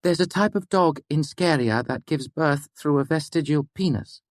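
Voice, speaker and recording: A man's voice: on the high side, moderate pace, dry recording, studio quality, voice pushed up, natural voice. A man doing a terse, defensive woman student. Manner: terse, muttering.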